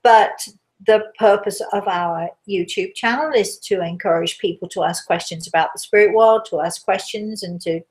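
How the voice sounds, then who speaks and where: Chatty woman hosting a live stream. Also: medium pitch. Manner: chatty, rambling, warm storytelling asides. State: a little out of breath. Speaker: host, medium. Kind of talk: casual live-stream chat.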